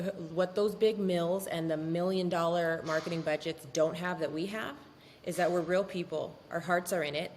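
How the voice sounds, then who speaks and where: A woman speaking as a guest in a casual interview, animated and candid, swearing freely. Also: fairly low pitch, big-room sound, a little hiss or hum. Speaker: law firm owner, podcast guest.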